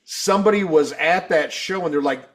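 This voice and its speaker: A man co-hosting a podcast, telling rambling, profane stories in casual chat and acting out quotes loudly. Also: a little high, moderate pace, background noise. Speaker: podcast co-host.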